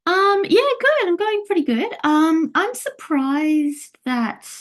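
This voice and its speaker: A woman's voice: extremely high pitch, very animated, takes it slowly. A woman guesting on a podcast, chatting casually with lots of loose asides. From Australia. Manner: chatty, rambling with fillers. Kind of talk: casual chat.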